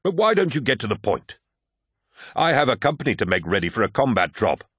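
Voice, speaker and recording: A man playing a straight-talking veteran soldier, sardonic and defiant, set higher than the narrator's own voice. The tone is husky with wide swings in pitch, in a dry audiobook read. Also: big pitch swings, brisk, fairly bright tone, no echo. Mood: blunt. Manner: sardonic, blunt. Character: blunt, defiant male veteran warrior. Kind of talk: audiobook character voice.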